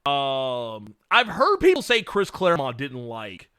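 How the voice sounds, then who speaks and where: Man, livestream host, casual frank chat, very bright voice, dry close sound. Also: mid-range voice, measured pace, clean tone, no echo. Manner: frank and excitable, laughs often, swears. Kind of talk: casual chat answering viewer questions.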